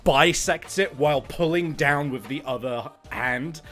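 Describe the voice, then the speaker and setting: An excitable man talks through his turn in a tabletop game, laughing now and then. His voice sits a little high and he speaks slowly. Faint music runs underneath. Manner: excitable, laughing, describing actions. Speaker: player. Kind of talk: casual chat over a tabletop game.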